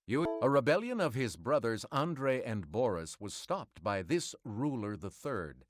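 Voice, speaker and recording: A man hosting a quiz game, reading each clue in a crisp, measured announcer style. His pitch moves freely and expressively through every line, sitting at an ordinary middle height for a man. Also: very animated, no room sound. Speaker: quiz show host. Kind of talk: reading quiz clues and answers.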